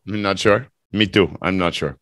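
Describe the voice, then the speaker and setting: A man's voice: deep voice, moderate pace, a bit bright, no echo, clean studio sound. A man teaching English, running a speaking test over a video call with a playful, teasing manner.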